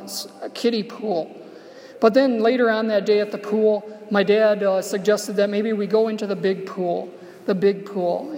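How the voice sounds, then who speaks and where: A man preaching a homily, telling a personal story in a reflective way and slowing down softly on key phrases. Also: high-pitched. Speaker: Catholic preacher. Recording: long church reverb.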